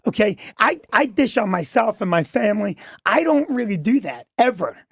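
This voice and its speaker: A middle-aged man with a gravelly, creaky voice, recorded dry and close. He talks emphatically and defensively, leaning on "listen" and "okay" as he tells his side as a club owner on a radio talk show. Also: sits high, very animated, moderate pace, no echo. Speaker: comedy club owner and guest.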